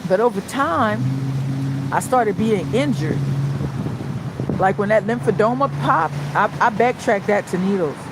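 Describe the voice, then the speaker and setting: A woman chats loudly and profanely to her livestream viewers, recorded on a phone outdoors in the cold. Her voice sits at a middle pitch. Clear traffic and street noise runs underneath. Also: animated, unhurried, long pauses. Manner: loud, profane, chatty, greeting viewers. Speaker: livestream host. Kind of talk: casual livestream chat.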